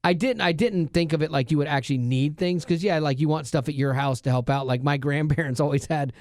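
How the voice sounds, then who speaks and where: A middle-aged man tells stories in a relaxed studio chat, laughing often and slipping into quick impressions. His voice sits a bit high for a man. The room sound is close and dry. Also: no room sound. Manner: animated storyteller, laughs often, does voices. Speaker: radio show host. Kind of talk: casual chat.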